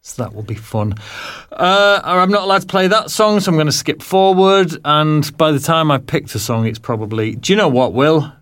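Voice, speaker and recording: A male radio host with a slightly higher voice than most men. He chats casually on air, rambling and hesitating with plenty of ums and uhs. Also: lively intonation, moderate pace, fairly bright tone, smooth. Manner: rambling and hesitant, with many fillers.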